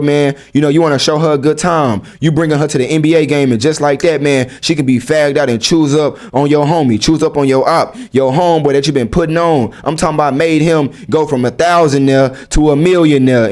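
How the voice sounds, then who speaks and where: A young man with a slightly high voice gives his viewers blunt, casual advice. He talks in street slang and keeps throwing rhetorical questions at them. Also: fairly even intonation, fairly quick, hardly any pauses, darkish tone. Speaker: vlogger. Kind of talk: casual advice monologue to camera.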